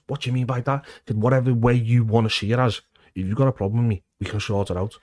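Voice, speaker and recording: With no room sound, a man in his thirties talks quickly in a fairly low voice. A former footballer from Liverpool by his accent, he spins stories in a casual interview, full of animation, swearing freely and acting out quotes at volume.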